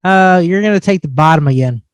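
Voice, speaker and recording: High-voiced wisecracking man. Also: fairly quick, clean tone, no echo. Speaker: podcast co-host. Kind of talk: joking casual banter.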